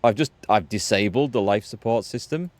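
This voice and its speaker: A man's voice: fairly low pitch, a little fast, darkish tone. A man hosting a let's play, chatting and laughing through his commentary. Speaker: gaming video host.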